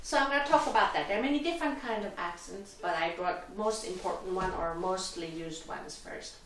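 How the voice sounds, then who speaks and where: A woman's voice: fairly low pitch, fairly quick, distant mic, a little hiss or hum. A woman teaching a violin lesson, patiently explaining step by step with small slips in her wording. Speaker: violin instructor. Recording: roomy echo, voice from off the mic, violin playing.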